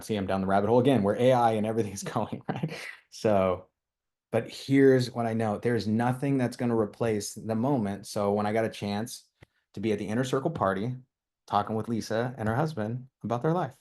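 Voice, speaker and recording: Impassioned, rambling low-voiced man. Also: darkish tone. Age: young adult to middle-aged, with a toddler. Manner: rambling and impassioned, with frequent restarts and tag questions. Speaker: company leader giving a team training. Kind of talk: motivational training talk.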